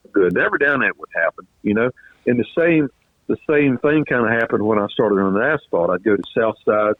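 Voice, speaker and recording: A man, a retired racer talking as an interview guest, rambling, repeating words and clearing a throat that is choked up with a cough. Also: fairly low pitch, no echo. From Virginia. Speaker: guest, retired race car driver. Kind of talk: casual interview storytelling. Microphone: phone call. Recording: tinny dry phone line.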